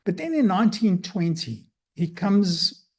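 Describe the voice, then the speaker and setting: A man presenting a lecture as a psychologist, speaking in a measured way with frequent fillers and restarts. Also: high voice, big pitch swings, slightly rough. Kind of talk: lecture talk.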